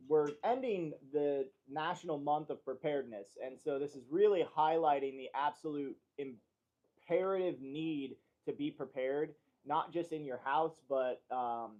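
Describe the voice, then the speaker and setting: A man's voice: on the high side, a little mellow, dull audio. A man hosting a casual livestream from a company studio, loose and joking at first, then earnest as he talks about preparedness. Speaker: livestream host.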